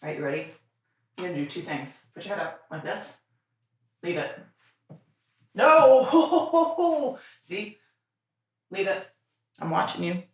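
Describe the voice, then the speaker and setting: Her voice sits low and moves a little fast as this young livestream host talks from home. Between casual chatter, she coaxes her dog through training with playful commands.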